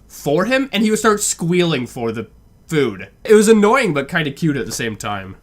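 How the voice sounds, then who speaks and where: A man's voice: a little high, very animated, moderate pace. A man hosting a reaction video, chatting casually, asking questions and laughing along.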